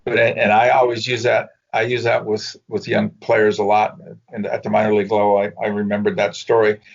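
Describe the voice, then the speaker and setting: An older man who used to coach baseball hitting rambles through anecdotes in a casual interview, restarting and laughing as he goes. His lowish voice has vocal fry, a completely flat delivery, and a fairly quick pace. The audio is dull and lo-fi.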